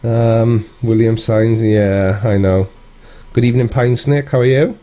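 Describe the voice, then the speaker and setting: A man's voice: medium pitch, steady tone, unhurried, mellow. A man with a British accent hosting a casual live stream, chatting and answering viewer comments in a wry, conversational way.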